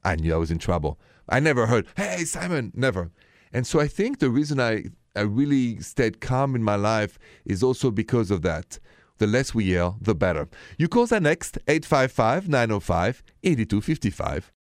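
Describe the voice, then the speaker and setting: Man, French accent, radio advice host, calm soft delivery, low voice, dry close sound. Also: no room sound. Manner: calm, slow, soft-spoken.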